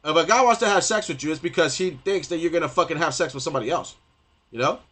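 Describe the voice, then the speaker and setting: A man's voice: on the high side, fast talker, a bit bright. A young man ranting on a gaming stream, profane and rambling, stumbling over restarts and repeating himself.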